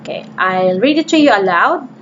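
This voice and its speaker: A woman's voice: medium pitch, lively intonation, fairly quick, fairly bright tone. A woman teacher gives a recorded reading lesson, explaining in English mixed with Bikol words and reading syllables aloud one by one. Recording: dull lo-fi recording with faint noise.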